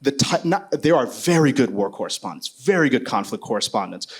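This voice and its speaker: A man's voice: mid-range voice, big pitch swings, a little fast, breathy edge. Candid man telling a war-reporting story. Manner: casual, candid, with many fillers and restarts. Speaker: war correspondent panelist. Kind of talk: panel discussion storytelling.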